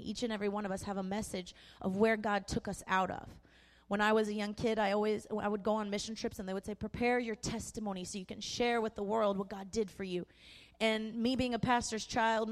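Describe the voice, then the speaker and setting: A young woman pastor giving an impassioned sermon testimony, earnest and emphatic with repeated phrases. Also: mid-range voice. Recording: echoey hall.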